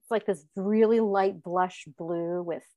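A woman's voice: medium pitch, steady tone, measured pace, warm tone, dry recording, lo-fi sound. A woman hosting a casual chat, recapping a show with frequent laughter and acted-out quotes. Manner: chatty, laughs often, acts out quotes. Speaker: podcast host recapping a dating show.

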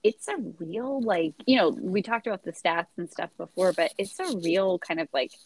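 A woman co-hosting a podcast, talking in a relaxed, hesitant way with lots of "like" and "you know". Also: lowish voice, normal speed, dry recording, low-quality recording. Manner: relaxed, filler-heavy, hesitant. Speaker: podcast co-host. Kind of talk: casual chat, film discussion.

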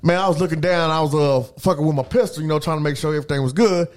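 A man with a high voice tells stories at a rapid clip. He swears freely and acts out every quote in casual chat. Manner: profane, animated storytelling with acted-out quotes.

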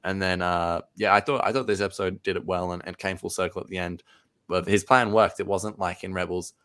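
A man's voice: sits low, fairly even intonation, a little fast, fairly bright tone, clean tone. A man co-hosting a podcast in casual chat, rambling and laughing easily. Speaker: podcast co-host.

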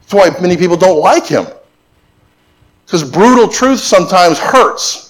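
Male pastor, middle-aged, pitched a touch high, storytelling sermon style with humor. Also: animated, a little slow. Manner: storytelling preacher, joking asides, emphatic repetition.

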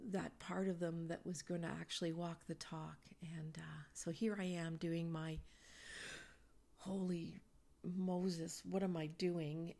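A middle-aged woman, a psychic reader, telling a personal story slowly with breathy, animated asides in a podcast Q&A. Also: on the low side.

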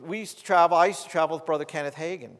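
Animated high-voiced male preacher. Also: racing. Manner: animated storytelling, acts out laughter and voices. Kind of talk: conversational sermon teaching. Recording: long hall reverb.

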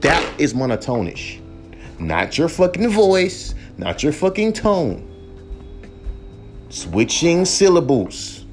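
A young man rants on his own podcast, swearing freely and hammering the same points over and over. His pitch swings widely as he heats up. Faint music plays under his voice. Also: very animated, takes it slowly, darkish tone. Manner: heated, profane, repetitive emphasis. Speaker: podcast host, rapper. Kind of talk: profane solo rant.

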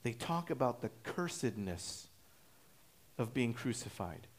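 This male pastor's medium-pitched voice has a sing-song quality as he gives an expository sermon. Measured and explanatory, he frequently restarts and fills gaps with "uh."

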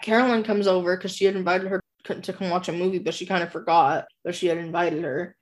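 A woman's voice: lowish voice, steady tone, fast. A woman co-hosting a casual book podcast, rambling through a plot recap full of "like" fillers. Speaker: podcast co-host.

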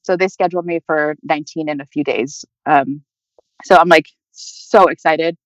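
Here a young adult woman with a low voice shares her own story as an interview guest, chatting away with plenty of "like" and "you know." She keeps a moderate pace and fairly even intonation, and the lo-fi recording sounds dull and dry.

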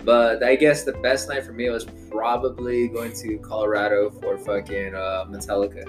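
A man's voice: fairly low pitch, flat delivery, moderate pace. Young man, casual chat, profane rambling storyteller, faint guitar behind.

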